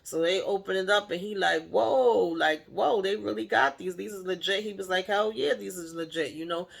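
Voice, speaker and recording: A woman recapping a TV episode in casual chat, acting out the characters' lines with animated shifts in voice and laughing along. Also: medium pitch, normal speed, gravelly. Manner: animated retelling, playfully acts out the characters' lines; laughs while retelling. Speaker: TV show recapper.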